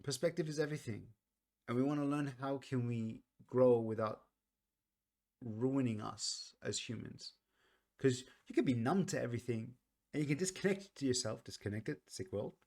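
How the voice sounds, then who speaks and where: A man talking casually through a song's meaning, earnest and reflective, often pausing and restarting his sentences. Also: medium pitch, creaky. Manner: earnest, reflective, soft-spoken. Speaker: music reaction vlogger. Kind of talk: casual song commentary.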